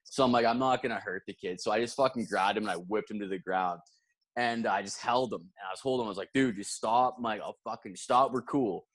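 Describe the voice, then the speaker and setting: A man's voice: lowish voice, fast talker. Rambling, cursing male podcast storyteller. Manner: rambling and profane, restarts a lot, laughs mid-story. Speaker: podcast host. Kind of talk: casual storytelling chat.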